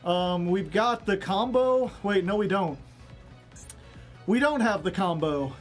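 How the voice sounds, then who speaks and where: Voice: mid-range voice, lively intonation, takes it slowly, faint music behind. A streamer giving casual, rambling commentary on a card game, joking and laughing often.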